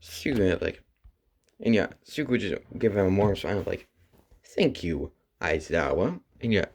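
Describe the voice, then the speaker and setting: A man's voice: fairly low pitch, normal speed, a little mellow, slight background noise. A man casually retelling an improvised fan story, rambling with lots of fillers.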